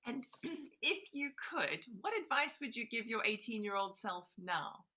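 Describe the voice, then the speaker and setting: A woman's voice: fairly high pitch, expressive, a little slow, sharp tone, breathy edge. A woman interviewer asking a brief question.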